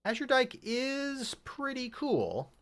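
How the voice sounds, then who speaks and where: A man's voice: extremely high pitch, wildly swooping pitch, slow pace, a bit bright. A man streaming a video game from home, chatting casually and thinking aloud with many fillers. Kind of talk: casual gameplay chat.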